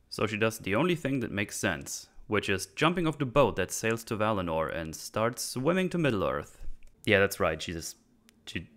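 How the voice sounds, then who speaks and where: A man's voice: low-pitched, a bit bright. A man hosting a casual recap, sarcastic and irreverent as he mocks plot holes. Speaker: channel host reviewing a series.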